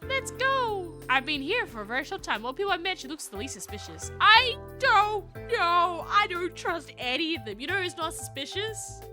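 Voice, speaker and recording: A woman streaming a story game live, reading its text aloud and joking with her chat in an animated way. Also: very high-pitched, a little fast, few pauses, faint music behind. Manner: animated, jokey, talks to chat.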